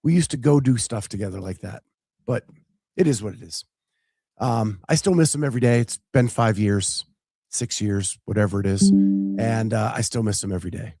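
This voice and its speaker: A man co-hosting a podcast in casual chat, with a smooth voice, telling stories and quoting movie lines. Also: lowish voice, normal speed, warm tone, dry recording, studio quality, faint music behind. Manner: chatty storyteller, quotes movie lines. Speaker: podcast co-host.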